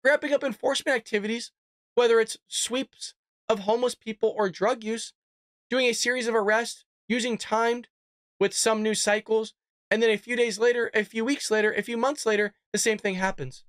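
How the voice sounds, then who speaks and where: A man's voice: very high-pitched, steady tone, moderate pace, a bit bright, dry recording, studio quality. A man hosting a show, reading a news story aloud and reacting to it with incredulous, sarcastic commentary aimed straight at his viewers. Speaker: host.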